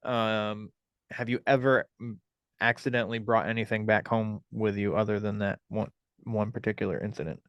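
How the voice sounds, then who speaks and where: A man's voice: on the low side, fairly even intonation, moderate pace, a bit bright, smooth, dry recording, muffled recording. A man hosting a podcast, telling a story in a casual, rambling way with lots of swearing, fillers and restarts. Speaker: podcast host.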